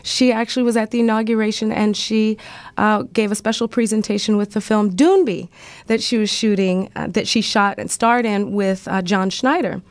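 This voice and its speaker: A woman's voice: a little high, no echo. A woman hosting a radio talk show, bubbly and effusive, a little congested from a cold. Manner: bubbly, effusive, gushing praise. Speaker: radio host.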